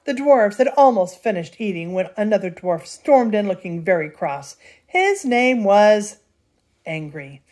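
An older woman reading a children's story aloud as narrator, lively and expressive. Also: fairly low pitch, normal speed, few pauses. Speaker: storybook reader.

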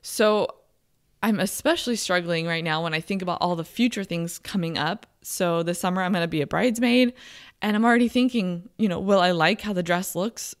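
A young woman hosts a personal podcast, speaking with open, confiding emotion and frequent halting restarts. Her voice sits a little low for a woman. The recording is close and dry, with no room sound around her. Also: no room sound. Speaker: podcast host and coach. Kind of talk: candid personal podcast monologue.

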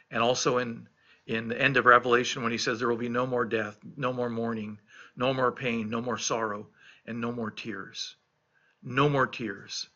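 In a dull, lo-fi recording, a middle-aged man with a very bright, forward, mid-range voice gives a devotional reflection. He is a pastor still recovering from illness, and his delivery is earnest and emphatic, returning again and again to his key phrases.

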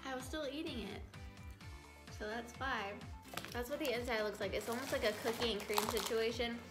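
Teasing woman in an echoey room, slightly higher voice. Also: a little fast, over music. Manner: teasing, chatty remarks. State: sore throat. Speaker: co-host. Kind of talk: casual snack unboxing chat.

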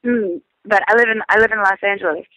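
New orleans lady comic phoning in, bright sharp voice, quick and wry, dry sound. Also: medium pitch, steady tone, no echo, rough recording. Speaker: guest comedian. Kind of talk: casual chat. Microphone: cell phone call-in.

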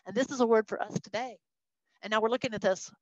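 Animated woman teaching a Bible study. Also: a little high, fast talker, dry recording, highs cut off. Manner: animated, acts out quoted voices.

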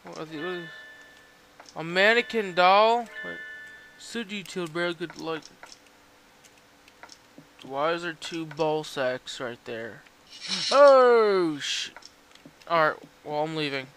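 A man's voice: fairly high pitch, lively intonation, slow, long pauses, fairly bright tone, slight background noise. A man giving horror game commentary, swearing a lot and yelping in panic at the scares. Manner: jumpy, swearing, yelps and shrieks in panic. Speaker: let's play gamer.

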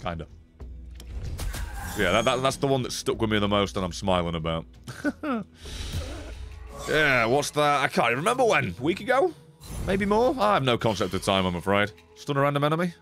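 A man's voice: mid-range voice, brisk, long pauses. A man gives sweary, casual commentary while streaming a card game and chatting to viewers. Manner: sweary, animated, talks to chat. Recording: faint music behind.

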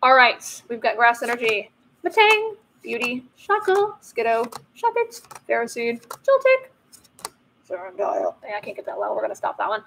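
A playful woman with a fairly high voice chats casually as she opens card packs. Her commentary is loose and joking. A faint hiss sits under her voice. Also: sing-song, normal speed, vocal fry, fairly bright tone, low-quality recording. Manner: chatty and playful, jokes about the cards. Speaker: host of a card-opening channel.

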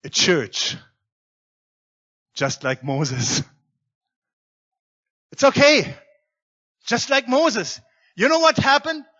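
A man preaching a sermon as guest pastor in a church, swinging between loud emphatic lines and quiet low asides. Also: wildly swooping pitch, very slow, pauses often, lo-fi sound. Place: church sanctuary.

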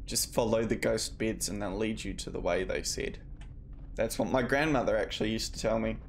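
A man's voice: on the low side, normal speed, vocal fry, slight background noise. A man streaming a game, joking and swearing casually as he plays. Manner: joking, swears freely, talks to himself. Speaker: gaming streamer. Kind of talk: casual let's play commentary.

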